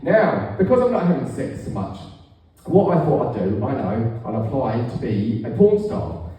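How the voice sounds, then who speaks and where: A middle-aged man doing a stand-up routine, telling stories in a deadpan way with raunchy punchlines, on a comedy club stage. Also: mid-range voice, normal speed. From England. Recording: echoey room, far from the mic.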